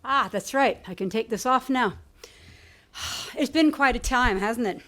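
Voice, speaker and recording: A woman's voice: on the high side, unhurried, a bit bright. A woman hosting a literary event, jokey and playful as she introduces the speakers. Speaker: event host. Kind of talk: casual introduction.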